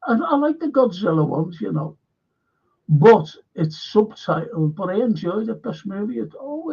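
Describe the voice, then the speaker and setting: A man's voice: high voice, sing-song, moderate pace, gravelly, mellow, breathy edge. A man hosting a live stream, rambling bluntly and swearing often. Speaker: show host. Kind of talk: casual live-stream chat. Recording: dull lo-fi stream audio.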